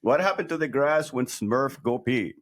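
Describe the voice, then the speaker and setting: A man co-hosting a podcast in casual chat, with a deep morning voice, joking and laughing often. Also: lively intonation, normal speed. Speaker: podcast co-host.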